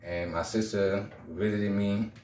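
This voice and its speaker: A man's voice: fairly low pitch, steady tone, a little slow, background noise. A man in his thirties telling a personal story in a casual, rambling vlog, repeating himself and using street slang. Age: 30s. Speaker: vlogger. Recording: roomy echo.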